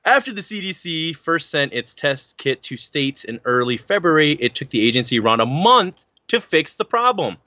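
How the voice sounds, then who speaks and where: A man's voice: fairly high pitch, moderate pace, few pauses, no echo, muffled recording. A man co-hosting a casual podcast, chatting and reading articles aloud, tripping over words as he goes. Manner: animated, stumbles over words while reading. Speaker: podcast co-host.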